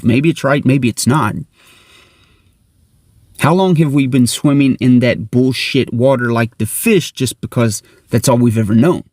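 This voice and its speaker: Host, middle-aged man, blunt motivational monologue, plain mid pitch, dry close sound. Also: a little mellow, dry recording. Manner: earnest, blunt, swears casually.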